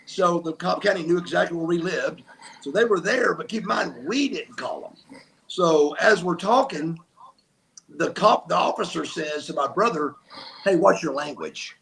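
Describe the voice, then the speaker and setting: Gravelly man telling wild stories. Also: sits high, lively intonation, normal speed, a bit bright, slight background noise. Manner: emphatic, acts out quotes. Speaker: guest, former wrestler. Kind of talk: animated storytelling.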